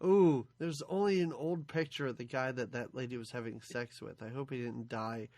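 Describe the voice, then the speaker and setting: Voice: mid-range voice, normal speed, darkish tone, dry recording. A podcast co-host in casual movie chat, wry and easily amused.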